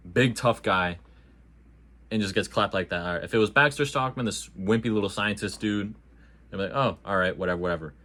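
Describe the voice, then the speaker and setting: A man with a fairly low voice reviews a movie in a loose, casual way. He talks with lively energy, full of slang and jokes. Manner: animated, slangy and jokey.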